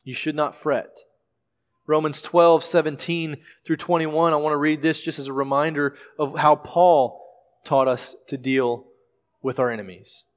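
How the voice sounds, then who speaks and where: A male pastor preaching a sermon in a measured way, often repeating words as he explains scripture. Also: on the high side, steady tone. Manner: measured preaching with frequent word repetitions. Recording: long reverb of a large hall.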